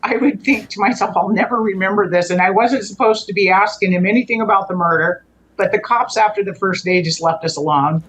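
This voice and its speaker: A guest tells a personal story conversationally, her medium-pitched voice fairly bright but slightly rough, with poor audio. She halts, breaks off and restarts as she works through what happened, often leaving a thought hanging before returning to it.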